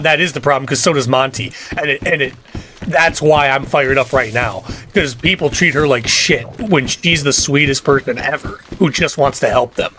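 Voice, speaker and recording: A man's voice: mid-range voice, fairly bright tone, a little hiss or hum. A middle-aged man, chatting casually on a game livestream and ranting with cussing. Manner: fired-up ranting with cussing and laughs. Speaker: livestream gamer.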